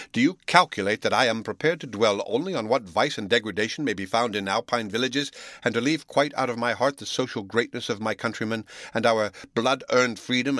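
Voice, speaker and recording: A man's voice: lowish voice, fairly bright tone, dry recording, clean studio sound, natural voice. A man voicing a proud, spirited young Swiss woman who argues earnestly and defiantly. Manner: earnest, defiant, rising emphasis.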